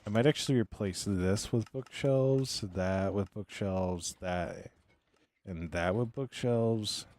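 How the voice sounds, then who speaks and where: Hoarse, very low-voiced male streamer. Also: slow pace, darkish tone. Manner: rambling, talks to himself and chat; drifts into whispering. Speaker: game streamer. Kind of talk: casual live gameplay commentary.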